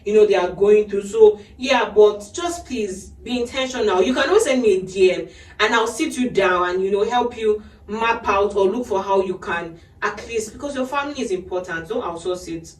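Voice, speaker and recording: A woman's voice: mid-range voice, normal speed. A woman hosting a podcast, giving earnest advice to parents in a casual chat and laughing often. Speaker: podcast host. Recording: echoey room, mic at a distance.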